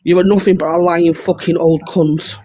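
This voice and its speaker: A man's voice: fairly high pitch, level tone, moderate pace, mellow. A man, furiously accusing someone with heavy swearing during a live-stream argument.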